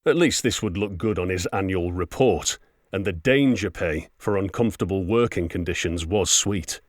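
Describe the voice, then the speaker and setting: A man narrating a science fiction audiobook in a steady, wry storytelling manner. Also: sits low, moderate pace, no echo, studio quality. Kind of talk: scripted narration.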